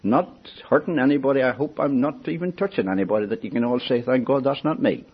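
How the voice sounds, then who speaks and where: An older man preaching a sermon in an earnest, pleading way, swinging from soft asides to raised appeals. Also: fast talker, husky. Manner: earnest, pleading, rises and falls in pitch and loudness. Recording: dull lo-fi recording.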